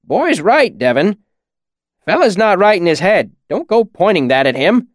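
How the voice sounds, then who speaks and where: Male narrator putting on an old grouch, testy and blunt, pitched up. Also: very animated, measured pace, no echo, clean studio sound. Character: cranky old village man.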